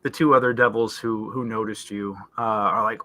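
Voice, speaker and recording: A man's voice: medium pitch, normal speed, gravelly, bright, forceful tone. A man narrating as game master, describing scenes in a loose, searching way with fillers and restarts.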